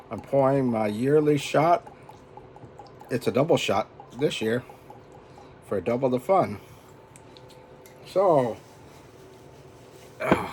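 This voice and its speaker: A man's voice: mid-range voice, a little hiss or hum. A man talking casually at home for his vlog, rambling and chatty and chuckling often as he goes. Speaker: vlogger.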